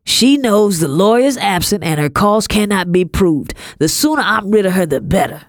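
A woman's voice: mid-range voice, animated, moderate pace, dry recording, studio quality, pitched above the performer's own voice, natural voice. A woman reading a storybook, voicing a harsh grown man who owns slaves and speaks in curt commands. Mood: cold, commanding.

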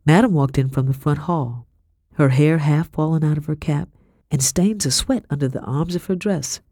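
A woman narrating a historical novel in first person, in a measured storytelling manner. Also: sits low, warm tone, dry recording, studio quality. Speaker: audiobook narrator.

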